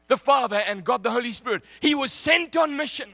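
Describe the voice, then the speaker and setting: A man preaching a sermon, telling a personal story in an animated way and laughing often. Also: very high voice, brisk, vocal fry, few pauses, dry recording.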